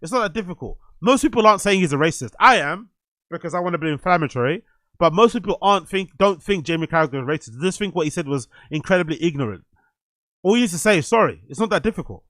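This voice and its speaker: A young man hosts a live stream, firing off blunt and profane reactions to clips. His voice is bright and forceful, sitting a touch high. The sound is dry and close. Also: fast, dry recording. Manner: blunt, profane, animated ranting.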